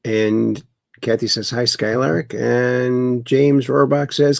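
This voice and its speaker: Gravelly mocking livestream host. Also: male voice, medium pitch, level tone, drawn-out words, long pauses, dry recording, studio quality. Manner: mocking, chuckling, reads viewer comments aloud. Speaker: livestream host reading chat. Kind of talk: casual political commentary livestream. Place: home in Wisconsin.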